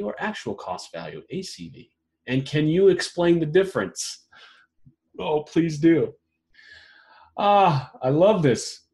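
Amused man reading questions aloud. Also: fairly high pitch. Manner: reads questions aloud with amused, laughing commentary. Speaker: podcast host. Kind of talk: casual roundtable discussion.

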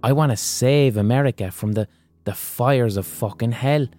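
A man's voice: medium pitch, normal speed, a little mellow, faint music behind, lightly acted. A man voicing a zealous, puritanical male cereal maker who speaks indignantly and preaches.

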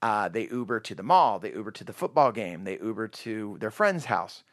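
A man's voice: lowish voice, normal speed, no room sound, clean studio sound. A middle-aged man hosting a casual parenting podcast, telling stories with jokey asides. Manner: animated storyteller, jokey asides. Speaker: podcast host.

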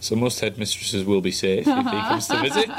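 Jokey man, lively voice. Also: medium pitch, brisk, gravelly, noisy background. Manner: jokey, self-mocking banter. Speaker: podcast co-host. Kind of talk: casual political chat.

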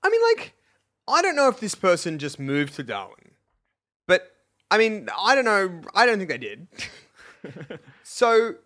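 A man's voice: high voice, wildly swooping pitch, measured pace, pauses often, pushed and bright. A man co-hosting a podcast in casual comedic chat, playful and teasing, with lots of ums. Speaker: podcast co-host.

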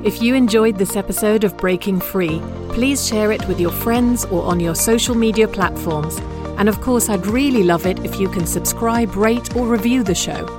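A woman's voice: mid-range voice, moderate pace, over music. A woman podcast host performing a dramatic spoken-word recitation, delivering a long, rhythmic list of insistent commands.

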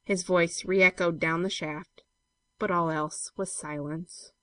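A woman reading a classic story aloud in a measured, steady way. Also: fairly low pitch, dry recording. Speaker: narrator.

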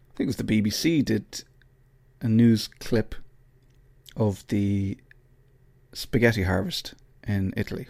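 Low gravelly Irish man chatting. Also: a little mellow, no room sound. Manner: rambling and self-mocking, with many restarts. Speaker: podcast host. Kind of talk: casual solo chat.

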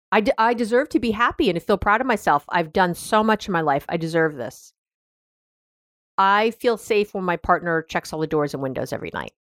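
A woman talking through a self-help idea in a loose, chatty podcast monologue, pitched at a middling height. She laughs often and starts sentences over, recorded on a dry, close mic. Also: no echo. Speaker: podcast host.

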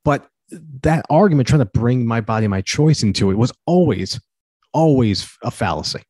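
A man's voice: mid-range voice, animated, moderate pace, mellow, no echo. A man co-hosting a podcast, making an emphatic, argumentative point in casual chat. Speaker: podcast co-host.

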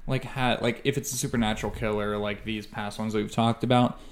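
A man's voice: on the low side, fairly even intonation, a little fast, a little hiss or hum. A man co-hosting a podcast, chatting in a laid-back, agreeable way and swearing casually. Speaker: podcast co-host. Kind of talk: casual chat.

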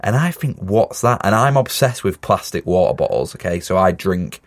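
A man co-hosts a podcast and tells stories in a joking, drawn-out way. His voice is low but moves around a lot. It is recorded close and dry. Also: very animated, no room sound. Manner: jokey storyteller, drawn-out delivery. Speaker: podcast co-host. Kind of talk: casual chat.

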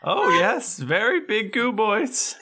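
A man's voice: high-pitched, big pitch swings, takes it slowly, sharp tone, slightly rough, heavily acted. A man voicing a boastful male alien goo creature in a tabletop game, with a wobbly put-on British accent that keeps slipping. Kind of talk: tabletop role-play character voice.

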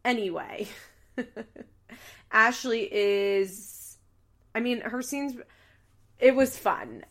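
A woman hosting a podcast, recapping a reality show in casual, animated chat with laughs and swearing. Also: on the high side, drawn-out words.

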